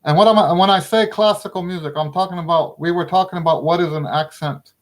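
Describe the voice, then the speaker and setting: A middle-aged man gives a relaxed trumpet lesson in a casual, talkative way. His voice sits a little above the usual male range, and he leans hard on his points, often breaking into a laugh. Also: high voice, quick pace. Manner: chatty, emphatic, laughs often. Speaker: trumpet teacher.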